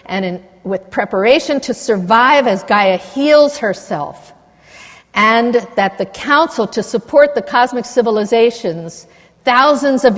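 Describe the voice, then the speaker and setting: An older woman giving an impassioned conference lecture, digressive and full of indignant asides. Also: fairly high pitch. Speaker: conference speaker. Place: lecture hall with long reverb. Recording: reverberant hall recording.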